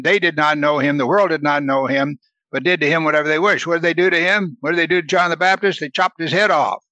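Bright-voiced man teaching a Bible study. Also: on the high side, no echo. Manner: asks questions and answers them himself; reads scripture slowly, then explains it casually.

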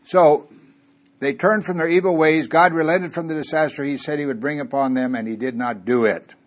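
A man's voice: fairly high pitch, fairly even intonation, normal speed. A man preaching a conversational sermon in a church, asking his listeners rhetorical questions and chuckling now and then.

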